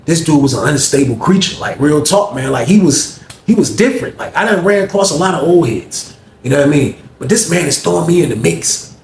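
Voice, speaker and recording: Casual male storyteller from Norfolk, Virginia, slangy and animated, slightly high voice, echoey room. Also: a little fast. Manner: slangy, animated, says "man" constantly. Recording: echoey room, faint noise.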